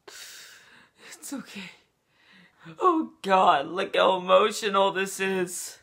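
A YouTuber in a joking comedy vlog who talks in a deadpan, mock-dramatic way. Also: mid-range voice.

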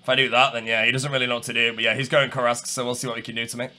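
A young man giving live gameplay commentary, chatting to his viewers, calm and muttering one moment and shouting the next. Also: medium pitch, very fast. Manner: chatty, talks to viewers and opponents. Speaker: gaming streamer.

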